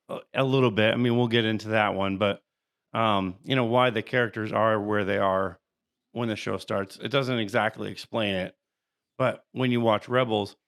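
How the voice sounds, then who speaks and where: A man's voice: fairly low pitch, a bit bright. A man co-hosting a podcast, chatting casually about a show with lots of "you know" and restarts. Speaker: podcast co-host. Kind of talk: casual chat.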